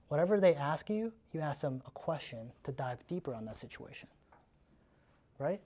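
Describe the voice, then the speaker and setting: At a live sales training, a man with a voice on the high side speaks at a moderate pace. He's casual and energetic, often tagging his points with "right?".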